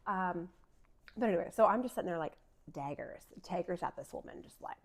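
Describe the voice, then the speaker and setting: A woman's voice: on the low side, expressive, brisk. Chatty woman telling a personal story. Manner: chatty, many filler "like"s, laughs often. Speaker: vlogger sharing a faith story.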